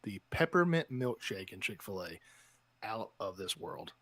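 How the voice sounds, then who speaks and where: A man co-hosting a sports podcast, telling a self-deprecating story in a lively, casual way. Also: fairly low pitch, a little slow, no echo. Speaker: podcast co-host. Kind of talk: casual chat.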